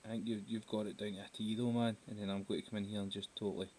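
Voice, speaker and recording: A man's voice: fairly low pitch, little pitch movement, rapid-fire, a little mellow, rough recording. A Scottish man hosting a casual live drawing stream, chatty and giggly, hopping from topic to topic. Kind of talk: casual chat while drawing. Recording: faint hiss.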